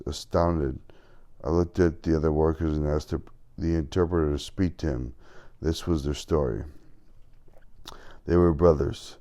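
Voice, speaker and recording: A man reads an audiobook in the first person. His voice is very deep and dark. He keeps a measured pace and stumbles on a word now and then. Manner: measured first-person reading with small slips. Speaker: audiobook narrator. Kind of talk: scripted narration.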